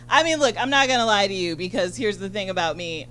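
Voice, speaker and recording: A woman doing a stand-up set on a club stage, chatty and bubbly, full of fillers and quick asides to the crowd. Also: mid-range voice, animated, fairly bright tone, a little hiss or hum. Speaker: stand-up comedian. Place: comedy club stage in front of an audience.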